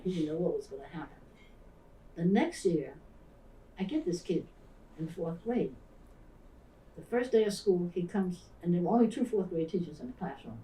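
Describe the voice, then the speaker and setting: An older woman pastor from the Philadelphia area recounts memories in an interview, acting out the voices of the people in her stories. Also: fairly low pitch. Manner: animated storyteller who acts out the voices of people in her story. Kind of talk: storytelling interview. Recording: roomy, distant mic.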